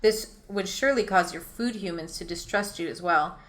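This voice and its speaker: Fast-reading woman narrating an adventure. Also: fairly low pitch, a bit bright. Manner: rapid reading, often breaking into laughter at her own lines. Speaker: host and storyteller. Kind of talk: reading her own choose-your-own-adventure story aloud.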